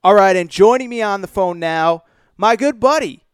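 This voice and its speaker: A man with a high, smooth voice hosts a sports podcast and argues his picks with emphatic conviction. His points build toward punchlines in a plain, opinionated talk style. The sound is close and dry, with no room around it. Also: animated, moderate pace, no room sound, faint music behind.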